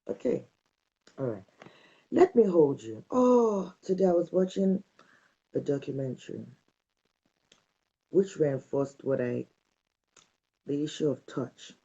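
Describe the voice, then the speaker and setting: A woman talks about parenting in a warm, slightly husky voice. She is emphatic and drives her points home with short repeated commands. The recording sounds dull and lo-fi. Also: deep voice. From Nigeria. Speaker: parenting speaker. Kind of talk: direct-to-camera parenting talk.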